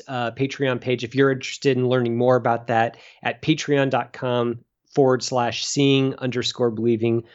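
A man's voice: medium pitch, lo-fi sound. A man hosting a film podcast, chatting casually with many restarts and asides. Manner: relaxed, rambling with restarts. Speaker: podcast host.

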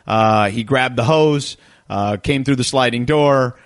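A man in his thirties hosting a sports radio call-in show, reading phone numbers and promos quickly and chatting with many "uh" fillers. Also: mid-range voice.

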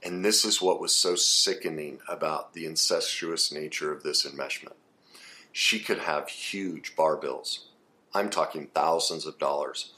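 A man who works as a therapist and author, giving a blunt, emphatic self-help talk that swings between quiet stretches and animated bursts. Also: very deep voice, a little slow.

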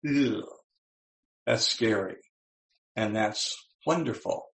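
An older man in his seventies gives a motivational talk with a gravelly voice. He tells stories and slows down to stress his key points. The sound carries a roomy echo. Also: mid-range voice. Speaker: speaker.

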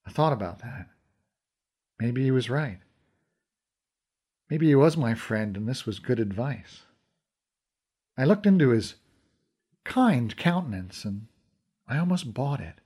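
A man's voice: medium pitch, big pitch swings, unhurried, pauses often, darkish tone, slightly rough. A man giving heartfelt, emotional first-person story narration.

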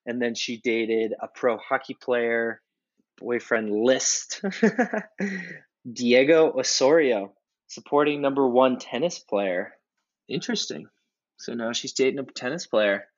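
A man's voice: mid-range voice, slow, lo-fi sound. A man co-hosting a casual podcast, telling stories in a rambling way with many restarts. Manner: rambling storyteller, frequent restarts. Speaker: podcast co-host. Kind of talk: casual chat.

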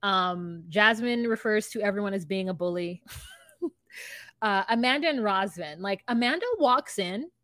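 A woman's voice: medium pitch, expressive, moderate pace, a bit bright, no room sound. A woman co-hosting a podcast, recapping a reality show in casual, gossipy chat full of "like" and "um". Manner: gossipy, lots of "like" and "um", puts on voices while quoting. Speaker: podcast co-host.

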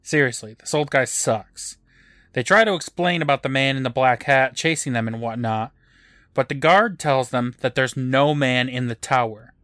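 A man in casual podcast chat, walking through a story beat by beat with a wry, deadpan edge. His voice sits at a middling pitch and sounds close and dry, with no room around it. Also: moderate pace, no room sound. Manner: dry, wry plot recapping with offhand swearing. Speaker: podcast co-host recapping an episode.

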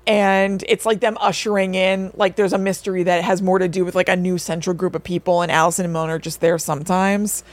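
A woman's voice: fairly low pitch, a little fast, few pauses. Chatty woman recapping a plot. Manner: animated plot recap with acted-out quotes. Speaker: podcast co-host. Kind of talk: casual chat.

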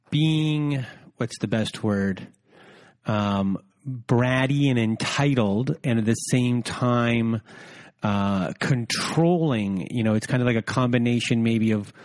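A man hosts a podcast interview at a slow, unhurried pace. He gropes for his words with fillers and pauses as he frames his questions. His voice sits at a middle pitch for a man. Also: a little mellow. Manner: deliberate, searching for words. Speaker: podcast host.

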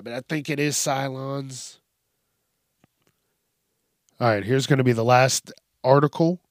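A male podcast host riffs on news stories in a loose, profane, rambling way. He talks slowly, at a middle pitch. His voice sounds dry and close, with no room around it. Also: fairly bright tone, no echo. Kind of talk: casual news commentary.

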